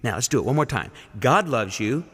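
A man preaching, slowly leading listeners through a call-and-response gospel lesson. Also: mid-range voice, animated, fairly bright tone, slightly rough, long reverb tail. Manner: slow, coaxing, leads the listeners to repeat each phrase.

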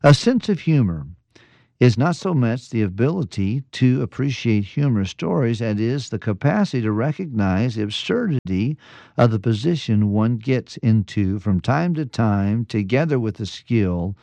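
A man's voice: medium pitch, lively intonation, moderate pace, gravelly, dark tone, no echo. A man pastor giving a folksy radio devotional, telling jokes and stories with chuckles and restarts.

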